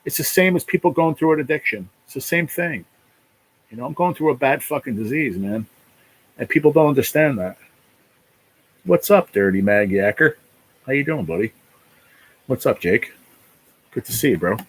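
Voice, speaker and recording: A man's voice: medium pitch, lively intonation, normal speed, long pauses, husky, rough recording. A man hosting a casual live stream, talking in a rambling, emotional way, full of "you know", and close to tears. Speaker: livestream host.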